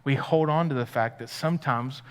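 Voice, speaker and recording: A man's voice: mid-range voice, normal speed, clear, resonant tone. Dynamic male pastor preaching in a reverberant hall. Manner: dynamic preaching, swings from loud and excited to hushed and quiet. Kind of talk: live sermon. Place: church sanctuary. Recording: live church hall with long reverb.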